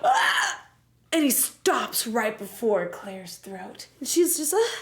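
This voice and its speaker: A young woman streamer giving a casual, jokey and profane recap of a game, telling it with animated energy. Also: medium pitch, slow pace.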